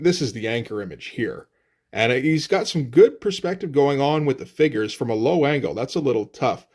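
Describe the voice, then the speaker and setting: A man giving casual commentary on comic book pages, at an ordinary pitch for a man. He is laid back and profane, and fills his talk with "uh" and "like.". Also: a little mellow. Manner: casual and profane, often says "uh" and "like".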